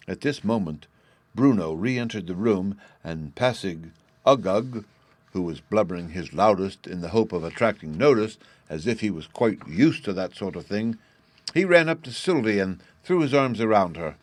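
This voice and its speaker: A man with a low voice reads a classic storybook in calm, steady narration. The sound is close and dry, with no room around it. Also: normal speed, no echo. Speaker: audiobook narrator. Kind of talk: scripted narration.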